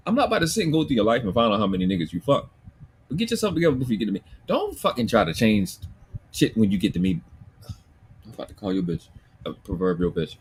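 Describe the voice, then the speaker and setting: A man's voice: lowish voice, quick pace, slight background noise. A man with a Baltimore accent hosting a livestream, talking bluntly and profanely while reading chat comments. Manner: profane, blunt, animated ranting. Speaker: livestream host.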